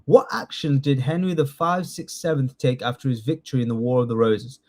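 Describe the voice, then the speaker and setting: A man from the United Kingdom speaks a little fast in a mid-range, darkish voice with a steady tone. Teaching a live online citizenship test class, he quizzes students encouragingly and chattily, regularly checking in with "yeah?".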